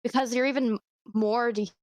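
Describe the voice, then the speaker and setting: A woman's voice: a little high, fairly even intonation, fast talker, darkish tone. A woman chatting casually on a podcast, laughing easily as she talks. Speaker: streamer and podcast guest.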